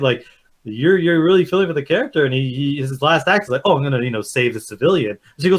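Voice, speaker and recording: Lively, fast-talking man. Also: medium pitch. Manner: animated storyteller, acts out quotes. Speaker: podcast co-host. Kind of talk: casual chat.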